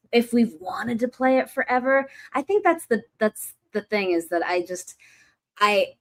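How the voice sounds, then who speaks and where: Enthusiastic woman gushing in casual chat. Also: a little high. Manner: mentions an acting teacher. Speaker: guest.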